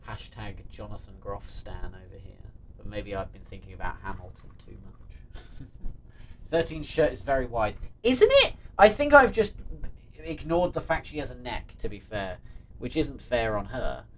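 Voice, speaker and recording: Man, live-stream chat, excitable, lively swooping pitch, laughs a lot, swears. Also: normal speed. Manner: excitable, laughs often, swears freely, reads chat aloud.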